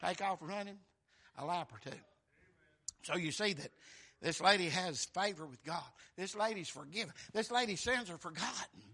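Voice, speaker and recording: Fervent preacher with a gravelly edge. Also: male voice, high voice, moderate pace. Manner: fervent preaching, bursting into shouts. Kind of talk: sermon.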